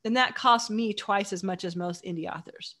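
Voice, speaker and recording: A woman's voice: mid-range voice, fairly bright tone. Chatty, enthusiastic woman author. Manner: chatty, enthusiastic, rapid run-on sentences. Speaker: author guest. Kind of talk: casual chat.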